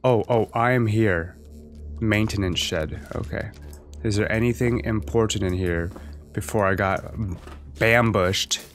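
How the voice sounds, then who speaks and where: A man doing let's play commentary, loud and cursing as he yells at the game. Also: fairly low pitch, a little slow. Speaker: gaming video host. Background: game music and sounds.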